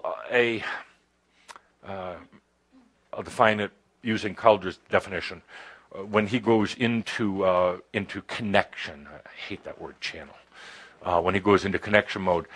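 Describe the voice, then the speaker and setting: Slow, low-voiced man giving a spiritual talk. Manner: halting, many pauses and fillers, playful asides. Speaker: spiritual teacher channeling a guide. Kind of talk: channeled spiritual talk to a live audience. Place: indoor gathering with a live audience.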